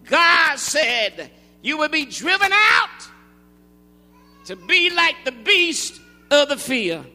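Man, pastor, very high voice, piercing bright tone, shouted rhythmic sermon, long hall reverb. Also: very animated, slow, pauses often, soft background music. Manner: rising into shouted, rhythmic preaching. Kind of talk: call-and-response sermon. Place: large church sanctuary.

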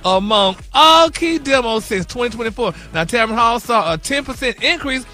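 A man's voice: very high-pitched, animated, normal speed, bright, forceful tone, soft background music. A man co-hosting a morning radio show, reading celebrity news in a sassy manner, calling everyone "honey" and "baby". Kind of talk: flamboyant gossip segment.

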